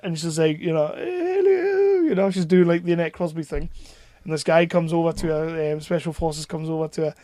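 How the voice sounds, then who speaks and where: A man, co-hosting a casual film podcast, excitable and swearing freely. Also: a little high, a little fast, no room sound, clean studio sound. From North East England. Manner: excitable, swears freely, laughs while talking. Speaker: podcast co-host.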